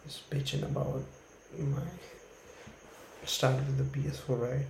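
A man's voice: medium pitch, fairly even intonation, slow, gravelly. A young man from India with an Indian accent, rambling nervously and swearing as he hosts his own solo podcast, recorded without a proper microphone. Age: young adult. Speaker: podcast host. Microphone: phone or built-in mic, no microphone. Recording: roomy home recording with faint background hum.

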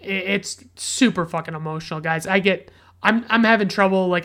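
A woman's voice: lowish voice, a bit bright, clean tone. A woman hosting a podcast, reviewing films in a rambling casual way, swearing freely and filling every gap with "like" and "you know". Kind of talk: casual movie review monologue.

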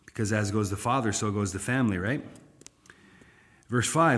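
A man's voice: lowish voice, moderate pace, pauses often, a bit bright, husky. A man pastor teaching a Bible study, conversational and turning emphatic when he reads scripture aloud. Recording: long hall reverb.

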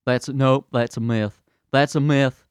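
A man putting on a mocking caricature of a loud, stubborn conservative man, shrill and whiny. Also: fairly even intonation, a little slow, clean tone, dry recording, studio quality, close to an everyday voice.

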